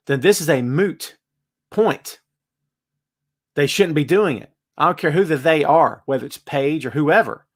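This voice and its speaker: A man hosts a casual live-stream chat and reads viewer comments aloud. His voice swings widely in pitch and loudness, and he hits his points hard in a conversational way. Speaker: host.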